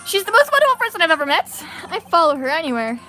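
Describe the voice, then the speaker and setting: A woman puts on a loud, excitable young man for a game read-aloud. He blusters and stammers, and his voice stays high and bright with lively swings in pitch. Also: moderate pace, soft background music. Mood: gushing. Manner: shouty, blustering, stammers when caught.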